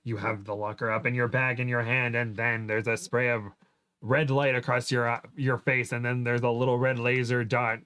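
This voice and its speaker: A man's voice: mid-range voice, flat delivery, moderate pace, sharp tone, clear, resonant tone. A man, host of a podcast, reading fan fiction aloud, with amused, laughing asides.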